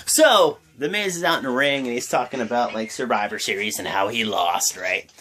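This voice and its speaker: A man's voice: medium pitch, normal speed, sharp tone. A young man casually recapping a wrestling show, rambling and full of slang. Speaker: wrestling show reaction vlogger. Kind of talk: casual reaction commentary.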